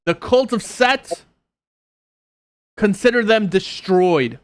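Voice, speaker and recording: A man's voice: high-pitched, no echo, voice pushed up, full character voice. A man voicing a fierce, righteous woman warrior who speaks in grand, old-fashioned proclamations.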